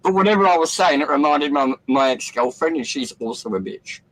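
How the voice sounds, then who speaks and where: A man's voice: fairly high pitch, lively intonation, brisk, a bit bright, low-quality recording. A man with an Australian accent calling in as a guest, rambling and joking with some swearing. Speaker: guest caller. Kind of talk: casual chat.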